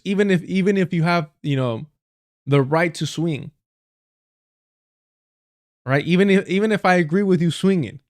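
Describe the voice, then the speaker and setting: A man with a fairly high voice rants on his livestream, blunt and profane, using plenty of street slang. He circles back on phrases for emphasis and often restarts sentences. The sound is dry and close, with no room echo. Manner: storytelling with repeated phrases and self-corrections. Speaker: livestream host. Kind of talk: casual ranting commentary.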